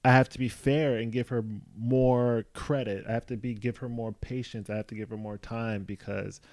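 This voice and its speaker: American guy on a podcast, laid back, kinda quiet, lots of likes and ums, dry mic. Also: mid-range voice, moderate pace, dry recording. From United States. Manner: relaxed and soft-spoken, many fillers like "like" and "um". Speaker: comedian guest. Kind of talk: casual chat.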